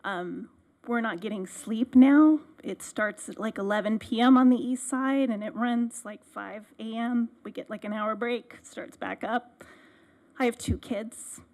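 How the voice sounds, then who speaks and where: A woman's voice: a little high, measured pace, a little mellow. A mother giving a nervous public comment at a city council meeting, her voice shaky as she speaks into a podium microphone.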